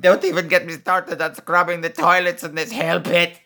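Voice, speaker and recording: A man voicing a gleeful, vicious male gargoyle on a comedy podcast, gloating and swinging between shrill squeals and low growls. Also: level tone, normal speed, bright, forceful tone. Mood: ranting. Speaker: podcast host. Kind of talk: comedy podcast character monologue.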